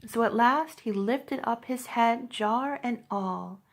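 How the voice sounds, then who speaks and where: A woman reads a children's classic aloud in a fairly high, bright-edged voice. She tells it with lively expression, slowing and swelling her voice for the big moments. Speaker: library storyteller. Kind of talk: reading a children's book aloud.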